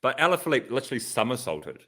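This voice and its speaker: A man's voice: medium pitch, very animated, fast, sharp tone. A man on a casual podcast, telling a rambling story, swearing freely and mimicking others. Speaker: podcast co-host, pro cyclist. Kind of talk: casual chat, anecdotes.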